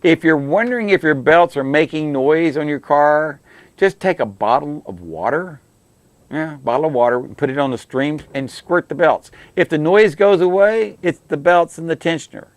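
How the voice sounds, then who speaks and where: A man's voice: a little high, lively intonation, normal speed, no room sound. A middle-aged man hosting a call-in car advice show, giving folksy, repetitive, plain-spoken repair tips. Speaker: radio show host, auto technician.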